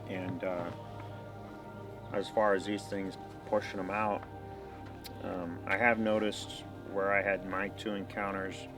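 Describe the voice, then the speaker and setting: A man with a low voice explains things in an easygoing way outdoors by a lake. He is a guest in a casual chat. Music is heard behind the talk. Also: little pitch movement, slow, pauses often. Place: outdoors at a lakeside campsite.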